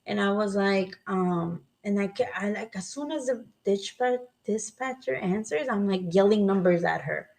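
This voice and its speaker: A woman's voice: medium pitch, normal speed, creaky, few pauses, darkish tone. Bilingual woman telling a story casually. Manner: switches between English and Spanish mid-sentence, swears casually. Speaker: podcast co-host.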